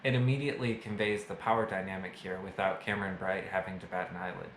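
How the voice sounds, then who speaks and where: A man's voice: low-pitched, fairly even intonation, fast, roomy sound, slight background noise, rough recording. A man casually reviewing a movie to camera, chatty and full of fillers, with self-mocking jokes. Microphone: camera mic.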